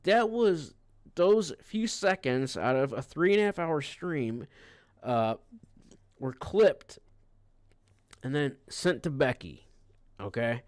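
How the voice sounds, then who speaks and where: Guy ranting on his stream, swears a lot, keeps restarting, smooth clear voice, dry close sound. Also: a little high, animated, takes it slowly, long pauses, no echo. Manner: rambling, profane, frequent restarts. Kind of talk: casual ranting livestream.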